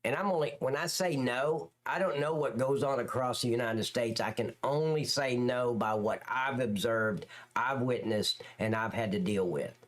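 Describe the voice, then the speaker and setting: A middle-aged man in an ordinary, middle-pitched voice holds forth in a casual livestream chat. He talks bluntly and swears freely, his pitch leaping up and then dropping back down as he rants and answers viewers. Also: normal speed, few pauses. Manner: blunt, crude ranting with big swings in pitch. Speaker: livestream host and former police officer.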